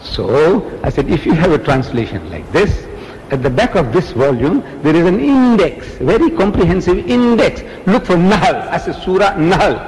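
A male preacher speaks in a fairly high, very lively voice that swoops up and down as he acts out quoted exchanges and throws rhetorical questions at the crowd. He is recorded in a hall with a long echo and a faint ambient hum behind him. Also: moderate pace. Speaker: Islamic preacher. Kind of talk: public religious lecture.

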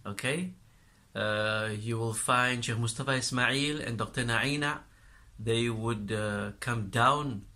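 A man teaching a lesson, explaining in short halting phrases with frequent pauses and fillers. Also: medium pitch, fairly even intonation, sharp tone.

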